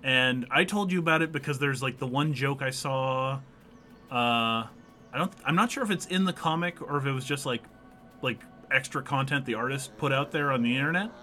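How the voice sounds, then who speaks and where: A man's voice: medium pitch, moderate pace, pushed and bright, soft background music. A man co-hosting a casual live stream, rambling with many fillers and restarts and reading chat comments aloud. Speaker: streamer co-host.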